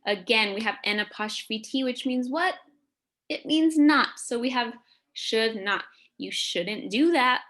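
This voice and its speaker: A woman teacher leads a phonics lesson for children. She speaks slowly, with a slightly high voice, and over-articulates each word and sound so little ones can follow. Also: bright, forceful tone.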